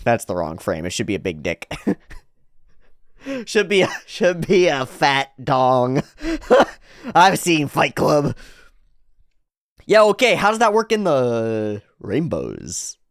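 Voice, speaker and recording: A woman hosting a reaction video, commenting on an anime in an excitable way, swearing and laughing loudly, going from mutters to squeals. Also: extremely low pitch, slow, long pauses, no echo, studio quality. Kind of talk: casual reaction commentary while watching anime.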